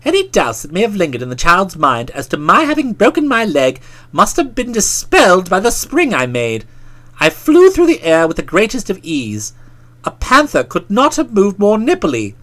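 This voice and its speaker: A woman's voice: medium pitch, wildly swooping pitch, normal speed, a bit bright. A woman narrating a first-person comic audiobook in a wry, theatrical, mock-pompous manner.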